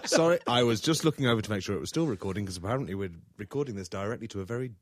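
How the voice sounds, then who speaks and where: A man co-hosting a casual podcast, playful and jokey, prone to loud silly outbursts. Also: on the low side, expressive, racing, no room sound. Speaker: podcast co-host.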